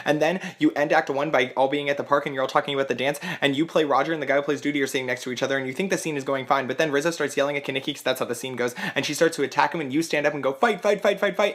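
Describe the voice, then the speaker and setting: A man telling a theatre story to camera, animated and acting out the quotes. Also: fairly high pitch.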